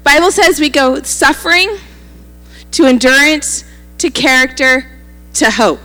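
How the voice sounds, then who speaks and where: A woman's voice: sits high, lively intonation, measured pace, sharp tone, long reverb tail, faint music behind. A woman pastor preaching a sermon, telling a story animatedly and acting out the quoted lines.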